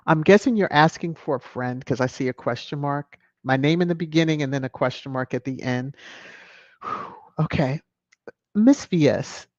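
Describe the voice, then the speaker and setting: A woman's voice: deep voice, a little mellow, no echo, dull audio. A woman hosting a casual livestream, reading viewer comments aloud with a playful, teasing manner and frequent chuckles. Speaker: livestream host.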